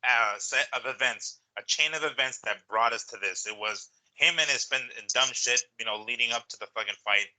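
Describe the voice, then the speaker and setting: A man co-hosting a casual boxing talk show, speaking bluntly with swearing and halting restarts. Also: mid-range voice, pushed and bright, rough recording. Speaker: podcast co-host. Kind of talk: casual chat.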